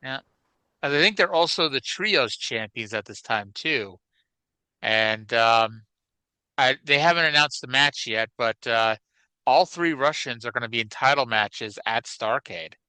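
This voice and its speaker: A man's voice: medium pitch, measured pace, bright, forceful tone, smooth, no room sound. A man co-hosting a wrestling podcast in casual, chatty, self-deprecating talk. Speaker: podcast co-host. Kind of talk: casual chat.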